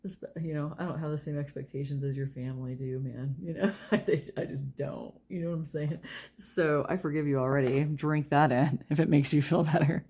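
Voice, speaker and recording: A young woman giving a casual tarot reading, chatty and quick to laugh as she talks straight to her viewers. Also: low voice, steady tone, warm tone, husky. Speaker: tarot reader.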